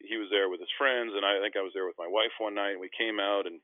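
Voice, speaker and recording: A middle-aged man from Canada tells stories at a quick clip and acts out the other people in them, his voice sitting on the low side. He is heard over a narrow, phone-like line that is dry and close, with no room sound. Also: no room sound. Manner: animated, acts out quoted voices, frequent restarts. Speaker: guest, former pro basketball player. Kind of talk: storytelling interview. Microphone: phone call.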